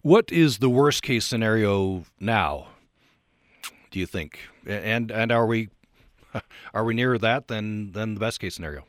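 A man's voice: lowish voice, lively intonation, measured pace, no echo, studio quality. A man hosting a radio interview, asking questions hesitantly with restarts. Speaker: radio show host.

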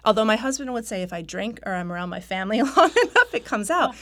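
This woman, a novelist guest on a radio interview, speaks in an expressive, fast, fairly bright mid-range voice. Originally from North Carolina, she no longer has the accent. She tells stories candidly, pokes fun at herself, and laughs a lot.

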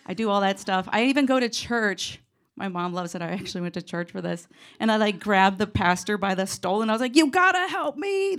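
A woman's voice: mid-range voice, smooth. A woman telling a comedic personal story in a rambling, self-mocking way, full of "like" and "you know".

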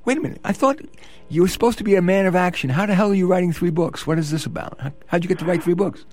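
A man with a New York accent hosting a radio interview, teasing and energetic with his guest. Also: high voice, fast, dry recording, soft background music. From the Bronx, New York. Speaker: radio show host.

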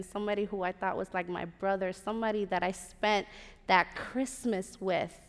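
A woman from Puerto Rico telling a personal story on a theater stage, animated, with sassy asides to the audience. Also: mid-range voice, gravelly. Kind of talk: live storytelling performance. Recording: live theater with long reverb.

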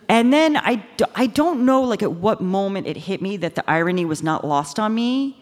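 A woman telling a lively, self-mocking first-person story on a live stage, often slipping into voices for the people in it. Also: medium pitch. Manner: animated, self-mocking, quick shifts into quoted voices. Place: live stage in front of an audience. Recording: stage mic with long hall reverb.

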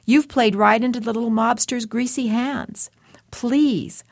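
A man's voice: very high voice, fairly even intonation, measured pace, creaky, no echo, pitched above the performer's own voice, full character voice. A woman reading the part of a self-satisfied middle-aged husband who co-hosts a radio show, voiced in a wheedling, needling tone in a dry, close recording.

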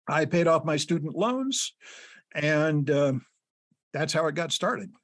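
A man's voice: on the high side, animated, takes it slowly, fairly bright tone, dry recording. A middle-aged man, a children's book author, telling long anecdotes in an interview, with many fillers and chuckles. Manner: rambling anecdotes with frequent fillers and laughs. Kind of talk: storytelling in an interview.

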